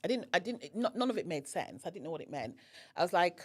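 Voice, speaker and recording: A woman's voice: lowish voice, fast, slightly rough. A woman guest on a podcast telling a personal story and acting out the dialogue. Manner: animated, acts out quoted dialogue.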